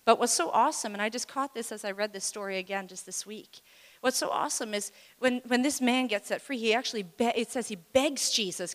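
Woman, preacher, sermon, animated, acts out voices, slightly high voice, long hall reverb. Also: a little fast. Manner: animated, acts out quoted voices, laughs between points.

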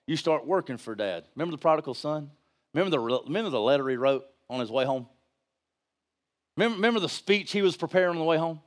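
Pastor on a church stage, high voice, preaching with fire and hushed asides, lots of repeats and rhetorical questions. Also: male voice, big pitch swings, normal speed. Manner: emphatic preaching, swings from shouting to hushed. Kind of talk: sermon.

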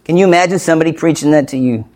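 A man's voice: fairly high pitch, rapid-fire, darkish tone. A man preaching a sermon as pastor, emphatic and often turning to the congregation with questions.

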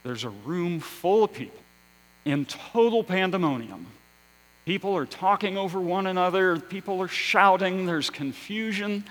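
Slow, measured male preacher. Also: high-pitched, animated, rough recording. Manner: slow, measured preaching with rising emphasis and hushed endings. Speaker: pastor. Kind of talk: sermon.

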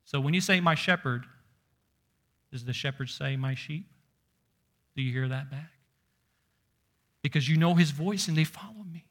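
A man preaching a sermon, emphatic, slowing down and dropping to a near whisper to stress points. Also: fairly high pitch.

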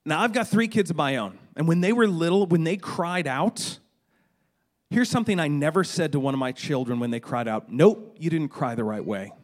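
Storytelling male pastor, slightly high voice. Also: a little fast. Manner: animated, dramatic retelling with stammered restarts. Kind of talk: sermon storytelling.

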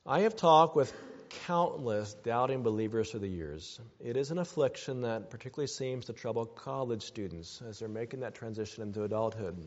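A man's voice: mid-range voice, a little mellow. A man preaching a sermon as pastor, earnest and building to emphatic exhortations. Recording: dull sound with long hall reverb.

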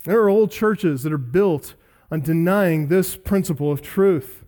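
A man with a rather high voice preaches an expository sermon at a pulpit microphone. He is emphatic, stacks up repeated phrases and draws key words out slowly for weight. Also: warm tone. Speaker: pastor.

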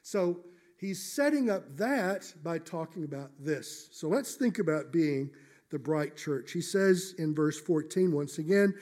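High-voiced man preaching a sermon. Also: lively intonation, a little mellow. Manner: emphatic, measured preaching with slowed stressed phrases. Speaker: pastor. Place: church.

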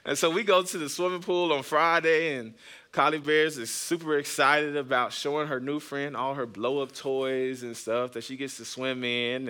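Man, pastor, thirties, chatty storytelling sermon, bright tense tone. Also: mid-range voice, clear, resonant tone. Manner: chatty, jokes with the congregation. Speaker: pastor and podcast host. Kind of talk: conversational sermon with personal stories.

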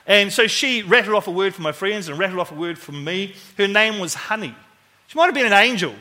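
Casting note: New Zealand preacher, chatty and animated, bright tone. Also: male voice, high-pitched, fairly quick. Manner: conversational, animated, acts out quoted voices. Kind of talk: sermon storytelling.

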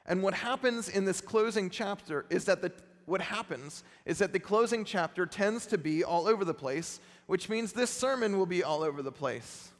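A man preaches a sermon, telling stories in an easy, self-deprecating way. His voice sits high for a man. A long reverb trails each phrase through the sanctuary. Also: normal speed, few pauses. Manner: conversational, self-deprecating storytelling. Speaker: pastor.

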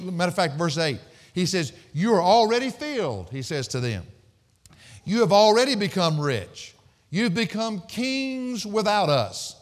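A man's voice: fairly high pitch, big-room sound. A man preaching a sermon as pastor, folksy and jokey, telling stories and reading scripture. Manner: folksy, jokey storytelling with laughs.

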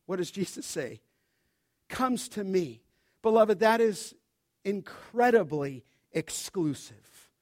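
High-voiced emphatic male preacher, dry sound. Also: no room sound. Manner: emphatic, addresses listeners directly. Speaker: pastor. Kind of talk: expository sermon.

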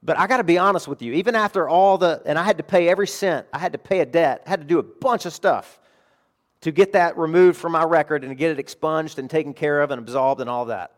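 A middle-aged man preaching a sermon, earnest, moving between quiet confiding passages and emphatic declarations. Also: a little high, fast talker. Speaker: pastor.

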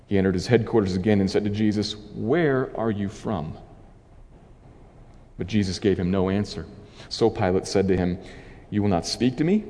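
A man preacher reading a scripture passage aloud and then explaining it as a sermon, in a measured, dramatic voice. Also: fairly low pitch, warm tone, long reverb tail.

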